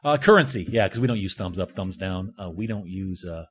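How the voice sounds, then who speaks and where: Husky, chatty male podcast host. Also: low voice, animated, brisk. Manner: chatty, jokey, leads the discussion. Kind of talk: casual film review chat.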